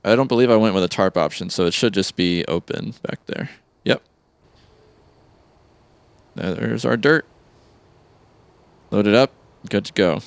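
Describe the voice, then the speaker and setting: Deep, gravelly-voiced man casually narrating gameplay. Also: a little slow, pauses often, no room sound. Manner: easygoing, chuckling, thinking aloud with fillers. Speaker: let's play host.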